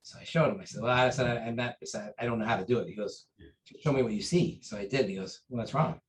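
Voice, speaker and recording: A man recounting memories of his teacher in an interview, earnest and halting, with many fillers and restarts. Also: medium pitch, slight background noise, rough recording. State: briefly choked up. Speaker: interview guest, taekwondo master. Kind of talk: conversational storytelling.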